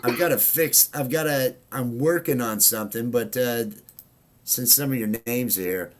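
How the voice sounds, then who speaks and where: A man's voice: mid-range voice, moderate pace. A man hosting a casual livestream chat, rambling with many fillers and restarts. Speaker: livestream host.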